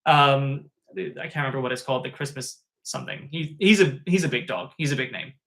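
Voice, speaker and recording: A man who works as a tutor, telling an anecdote in a chatty, animated way with plenty of fillers. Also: mid-range voice, a little fast, vocal fry. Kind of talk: casual spoken anecdote.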